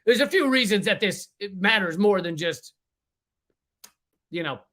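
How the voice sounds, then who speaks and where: A man hosting his own livestream, ranting in a casual, profane and joking way from a warm room with no fan running. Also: high-pitched, animated, a little slow. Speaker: livestream host. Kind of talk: casual political livestream rant. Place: hot room without a fan.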